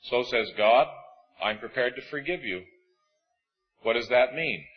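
Husky-voiced man preaching with lively pitch. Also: unhurried, muffled recording, soft background music. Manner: animated, acts out quoted voices in the sermon. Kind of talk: sermon. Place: auditorium.

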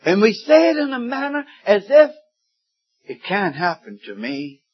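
A man in his seventies delivers a sermon at an unhurried pace, his voice sitting slightly high. He stays deliberate and weighty, then rises suddenly into loud emphatic peaks. The recording sounds dull and lo-fi. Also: huge pitch swings, breathy edge. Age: 70s. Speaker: preacher.

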